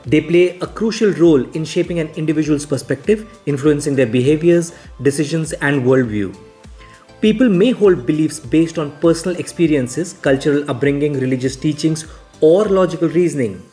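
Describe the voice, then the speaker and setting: A narrator talks through a self-help video essay in a measured, explanatory way. The pitch sits in a middle range. Soft music plays faintly underneath.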